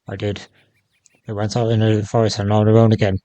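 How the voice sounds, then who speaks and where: Man reads a steady village husband, low and hushed. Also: fairly quick, close to an everyday voice. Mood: calm.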